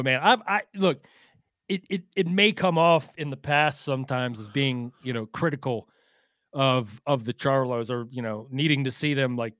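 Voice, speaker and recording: A man's voice: mid-range voice, no echo, clean studio sound. A man co-hosting a boxing podcast in casual chat, rambling with lots of fillers and restarts and swearing freely.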